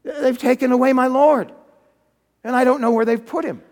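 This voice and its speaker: A man's voice: very high voice, steady tone, normal speed, darkish tone, voice pushed up. Brief: distraught young woman disciple read by a male preacher, urgent and pleading, raised voice, long hall reverb.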